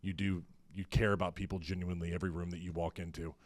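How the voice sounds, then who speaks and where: A male interview host with a very deep voice, speaking calmly and measured with occasional ums. The recording is dry and close. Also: dry recording. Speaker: podcast host. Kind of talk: interview wrap-up.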